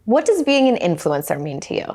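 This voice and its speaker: A woman's voice: lowish voice, sing-song, fairly quick, a little mellow, husky. A woman hosting a podcast interview, asking questions in an encouraging, affirming way. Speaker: podcast host. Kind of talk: conversational interview.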